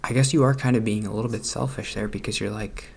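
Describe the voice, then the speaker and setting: A man hosting a let's play, musing aloud in a rambling, self-deprecating way with soft laughs. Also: lowish voice, fairly even intonation, fast talker, creaky, breathy edge. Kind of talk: casual commentary while gaming.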